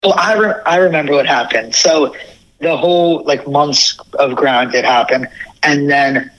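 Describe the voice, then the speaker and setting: Slightly high-voiced young man. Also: a little slow, poor audio. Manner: animated, quotes people in dialogue. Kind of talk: casual storytelling.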